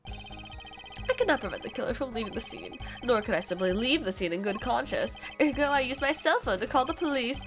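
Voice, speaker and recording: A woman's voice: a little high, animated, brisk, lightly acted. A woman voicing a fussy, pompous male scientist witness in a formal, long-winded way, read from a game over its music. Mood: haughty. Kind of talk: reading game dialogue aloud.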